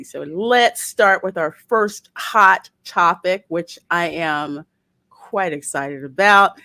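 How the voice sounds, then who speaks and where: An animated woman hosts a casual live-stream podcast, her pitch rising and falling a lot as she talks. She reads chat names aloud and laughs easily. The sound is dry and close. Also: no echo. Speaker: podcast host.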